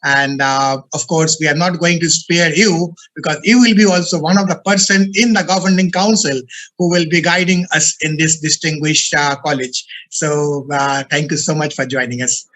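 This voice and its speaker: A man's voice: a little high, fairly even intonation, moderate pace, a bit bright, rough recording. A man who heads the college, giving formal, effusive welcomes over a video call, with frequent "uh" fillers and repeated words. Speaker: college CEO.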